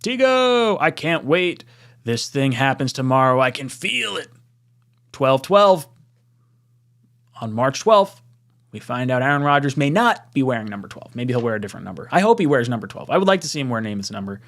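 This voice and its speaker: A young man chats casually on his live stream, reading viewer comments aloud. He sounds excitable, laughs easily and often bursts into a higher voice when worked up. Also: fast talker, gravelly.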